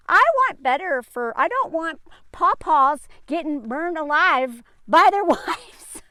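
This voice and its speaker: A woman's voice: high-pitched, measured pace, sharp tone, no room sound, clean studio sound. A woman giving casual opinion commentary as a vlogger, sarcastic, laughing often and filling her talk with "like".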